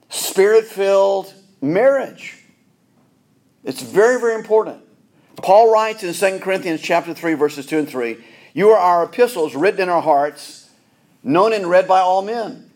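A middle-aged man preaches to his congregation in a somewhat high voice. He is earnest and often doubles back, repeating a word before he finds the rest of his sentence. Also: a little mellow. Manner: earnest, repeats words and restarts phrases. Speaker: pastor. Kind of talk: sermon.

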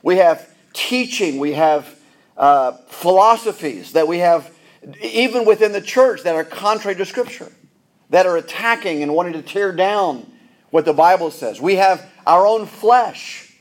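A man's voice: high-pitched, animated, measured pace. A middle-aged pastor preaching a sermon, earnest, often repeating words as he restarts phrases.

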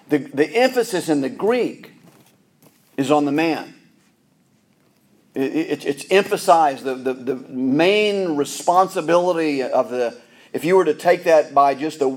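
A man's voice: a little high, a little mellow. A middle-aged pastor preaching a sermon, earnest, often repeating words as he restarts phrases.

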